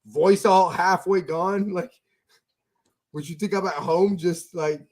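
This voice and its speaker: A man's voice: sits high, fairly even intonation, slow, a little mellow. Rambling upbeat male podcast host. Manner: rambling storyteller, many fillers and restarts. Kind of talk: casual fan podcast chat.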